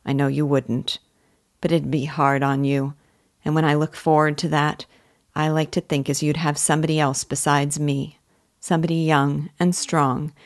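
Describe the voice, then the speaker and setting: A woman's voice: low-pitched, dry recording, clean studio sound, lightly acted. A woman reading as a subdued old weaver. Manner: slow, subdued and careful. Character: older male village weaver, subdued and tender.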